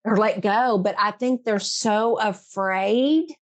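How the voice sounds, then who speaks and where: A woman's voice: mid-range voice, slow. A middle-aged woman hosting her own podcast, talking earnestly and emphatically, repeating herself for stress and often laughing. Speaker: podcast host. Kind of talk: emotional interview chat.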